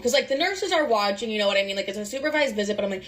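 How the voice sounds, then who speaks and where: A woman's voice: medium pitch, lively intonation, very fast, hardly any pauses. A young woman in her twenties telling a chaotic personal story in a casual, profane, filler-heavy way.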